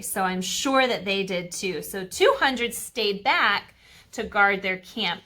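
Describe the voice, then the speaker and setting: A woman's voice: medium pitch, expressive, takes it slowly, sharp tone. A woman teaching a Sabbath school lesson to kids, retelling a Bible story in a chatty way with fillers and asides.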